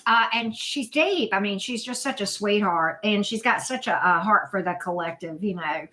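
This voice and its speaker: A woman's voice: medium pitch, animated, normal speed, bright, forceful tone. A woman hosting a casual live chat, greeting viewers by name, repeating herself with many fillers. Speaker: livestream host, tarot reader.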